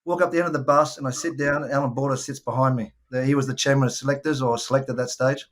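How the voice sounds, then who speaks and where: A man's voice: mid-range voice, steady tone, fast. A man, a podcast guest telling rambling anecdotes in casual chat and acting out the voices of people he quotes. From Australia. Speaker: guest, former cricketer.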